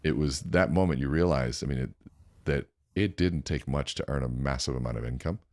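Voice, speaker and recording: A man with a rumbling low voice, talking a little fast, tells energetic stories as a podcast guest, acting out the dialogue in his anecdotes. The recording is dry and studio quality.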